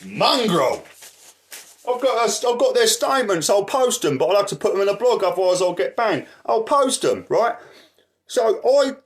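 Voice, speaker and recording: The speaker is an activist vlogger, a man with a high-pitched, very animated voice at a normal speed. He rants in anger, swears all the time, and keeps asking "right?" Paper shuffling is audible, and his voice wanders from the microphone.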